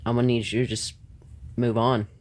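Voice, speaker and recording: A man's voice: mid-range voice, level tone, brisk. Man, live-stream host, blunt, confrontational, swearing, talking back to chat. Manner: talks back to chat, laughs between points. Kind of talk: live-stream rant to viewers.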